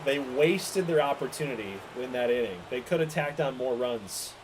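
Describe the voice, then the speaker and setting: Man streamer doing game commentary, very animated delivery, noisy background. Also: mid-range voice, moderate pace. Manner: animated, exasperated, swearing, laughing at his team. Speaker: gaming streamer calling the game. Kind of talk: play-by-play video game commentary.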